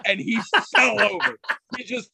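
A middle-aged man in casual conversation, telling rambling stories with frequent restarts and animated quoted voices. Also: very high-pitched, unhurried, creaky. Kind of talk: casual chat.

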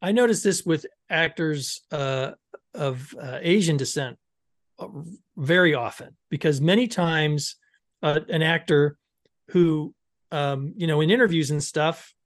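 Male podcast co-host, a touch higher pitched, inquisitive and loose. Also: measured pace, dry recording, clean studio sound. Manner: questioning, lots of fillers. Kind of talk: casual discussion.

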